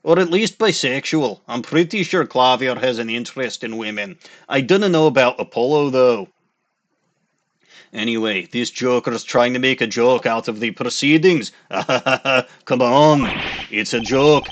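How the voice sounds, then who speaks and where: A man's voice: mid-range voice, unhurried, lightly acted. A man voicing a joking, over-the-top Scottish character, full of "aye" and "laddie", with game music playing behind. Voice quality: exaggerated rolled Scottish vowels, "aye" and "laddie".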